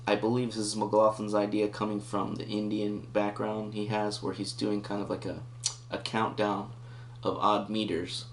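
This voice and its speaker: A man's voice: lowish voice, slight background noise. A man giving a casual guitar lesson, explaining rhythm and counting beats aloud as he thinks it through. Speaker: guitar teacher. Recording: roomy sound with loud guitar playing. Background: his own guitar playing.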